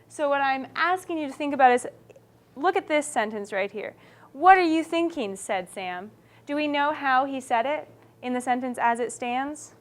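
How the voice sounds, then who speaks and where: High-voiced teacher leading a writing class. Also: female voice, moderate pace. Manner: animated, checks understanding often.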